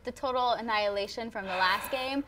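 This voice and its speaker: A woman's voice: fairly high pitch, a little fast, fairly bright tone, slight background noise. A young woman hosting a student talk show, chatty and playful as she interviews and introduces guests.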